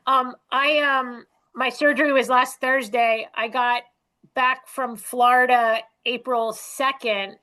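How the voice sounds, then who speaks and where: A woman guest on a podcast, telling quick, animated anecdotes in casual conversation. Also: on the high side, rough recording. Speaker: guest author and dog trainer. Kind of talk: casual storytelling chat.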